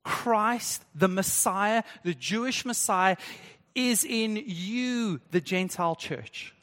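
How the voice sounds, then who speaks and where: A man's voice: high-pitched, slow pace, fairly bright tone. A man preaching a sermon as pastor, chatty and engaging the congregation with questions. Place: church hall. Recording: long church reverb.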